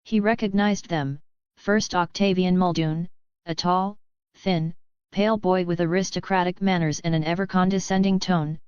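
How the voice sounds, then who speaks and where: A woman narrating a fantasy novel audiobook in a steady, even storytelling manner. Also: fairly low pitch, normal speed, clean tone, no echo, muffled recording. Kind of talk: scripted narration.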